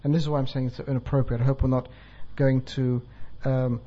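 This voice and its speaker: A man's voice: medium pitch, little pitch movement, brisk. A man, a bishop, giving a sermon in a chatty, self-deprecating way, telling a joke and laughing along. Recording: dull lo-fi recording.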